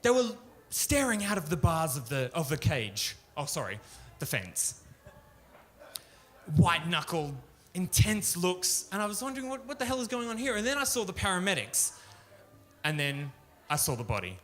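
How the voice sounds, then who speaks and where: A man's voice: high voice, sing-song, normal speed, a bit bright. A man doing a crude, ranting stand-up routine at a pub show, swearing freely. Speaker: stand-up comedian. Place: pub stage, live show.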